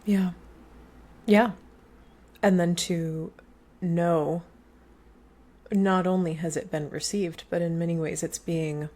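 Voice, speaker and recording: A woman hosts a podcast interview, answering her guest in a reflective, affirming manner. Her voice sits on the lower side. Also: fairly even intonation, takes it slowly, long pauses, mellow. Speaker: podcast host.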